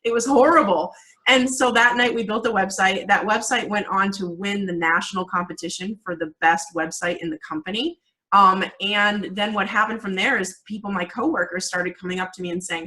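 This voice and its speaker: A woman in her forties, a guest in a casual interview, telling a story in an animated way, laughing often and using many fillers. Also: mid-range voice, normal speed, poor audio. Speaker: guest, video marketing coach.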